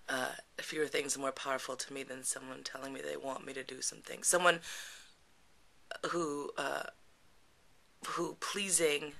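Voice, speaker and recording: A woman's voice: deep voice, vocal fry, sharp tone. A woman telling a frank personal story in a casual, chatty way, laughing often and full of fillers. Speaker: podcast storyteller.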